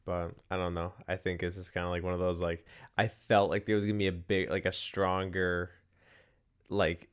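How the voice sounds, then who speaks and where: A man's voice: low-pitched, flat delivery, moderate pace, clean tone. A man co-hosting a podcast, talking about a movie in a laid-back way with lots of "like" fillers. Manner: laid-back, heavy use of "like". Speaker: podcast co-host. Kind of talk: casual movie-review chat.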